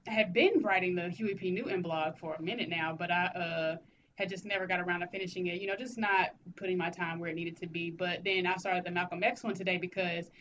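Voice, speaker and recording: A woman co-hosting a podcast in casual chat, talking in an animated, teasing, slangy way. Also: fairly low pitch, brisk, muffled recording, slight background noise. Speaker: podcast co-host.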